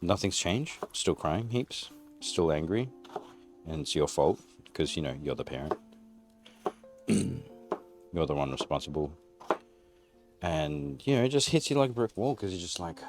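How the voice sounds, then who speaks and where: A very low-pitched Australian man rambles candidly while he cooks on a live stream. His deep voice swings widely and animatedly. Faint music plays behind him. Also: sing-song, a little slow, creaky, long pauses. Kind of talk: casual live-stream chat while cooking. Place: single-car garage at home.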